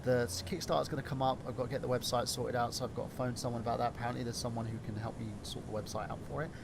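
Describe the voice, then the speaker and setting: A man's voice: medium pitch, little pitch movement, rapid-fire, gravelly, background noise. A young adult man co-hosting a casual podcast, chatting loosely and swearing freely. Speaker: podcast co-host. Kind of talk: casual banter.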